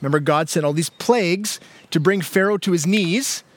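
A man's voice: high voice, normal speed, no echo. A man, a pastor, preaching a sermon in a conversational way, with many fillers and restarts. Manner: conversational, with frequent fillers and repeated words.

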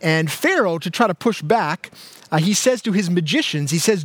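A man's voice: high voice, expressive, moderate pace, no room sound. A man, a pastor, preaching a sermon in a conversational way, with many fillers and restarts. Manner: conversational, with frequent fillers and repeated words.

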